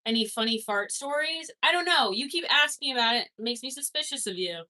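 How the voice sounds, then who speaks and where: A woman's voice: high voice, expressive, a little fast, bright, forceful tone. A young woman from Canada chatting casually on a livestream, reading chat comments, swearing and laughing easily.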